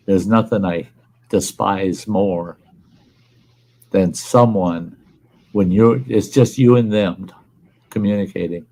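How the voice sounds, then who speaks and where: A man's voice: sits low, takes it slowly, long pauses, dark tone, low-quality recording. An older man, hosting a casual chat and talking bluntly and plainly, swearing freely. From Upper Midwest US. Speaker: livestream host.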